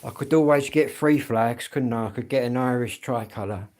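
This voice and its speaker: A man's voice: medium pitch, normal speed, darkish tone. Blunt rambling middle-aged Englishman. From England. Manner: rambling, blunt, swears freely. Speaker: livestreamer. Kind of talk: casual livestream chat.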